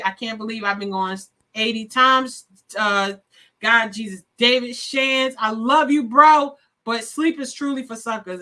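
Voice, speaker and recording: A woman's voice: medium pitch, pushed and bright. A woman hosting a live stream, signing off in a casual, effusive chat that often calls her viewers y'all. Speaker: live show host.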